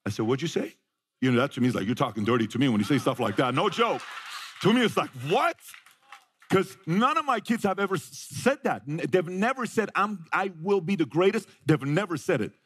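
A man's voice: fairly high pitch, expressive, fast talker, a bit bright. A middle-aged man giving a motivational talk to a live audience, telling a family story, asking the crowd questions and acting out his sons' lines. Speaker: motivational speaker.

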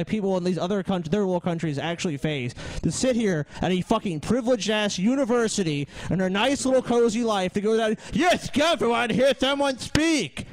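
A man's voice: high-pitched, no echo, low-quality recording. A man co-hosting a podcast, ranting with sarcasm and heavy profanity over a clip. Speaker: podcast co-host. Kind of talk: heated casual commentary.

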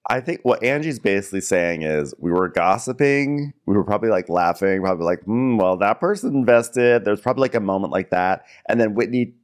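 A man's voice: low-pitched, fast, few pauses. A man co-hosting a podcast, recapping a reality show in casual chat and acting out quotes. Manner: animated storyteller, acts out quotes. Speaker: podcast co-host.

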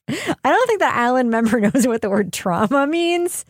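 A woman's voice: high-pitched, big pitch swings, normal speed, no echo, clean studio sound. A woman hosting a podcast panel in casual chat, playful and often laughing mid-sentence. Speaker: podcast host leading a panel.

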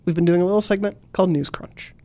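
A young man hosts a casual podcast chat, telling stories with lively energy and laughing often. His voice sits a little higher than most men's. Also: fast. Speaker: podcast host.

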